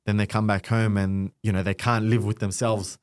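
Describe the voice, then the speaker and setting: Young Aussie guy, podcast guest, lower voice, animated storytelling. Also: normal speed. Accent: Australian. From Australia. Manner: animated storytelling with acted-out quotes. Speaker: guest content creator. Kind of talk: casual podcast conversation.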